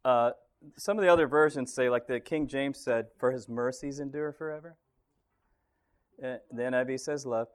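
A man leading a casual group Bible study, relaxed and thinking aloud, often chuckling. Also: mid-range voice, normal speed, clean tone.

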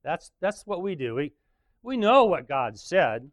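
A man's voice: a little high, very animated, measured pace, no room sound. A man preaching in a casual, joking way, retelling a story with frequent chuckles.

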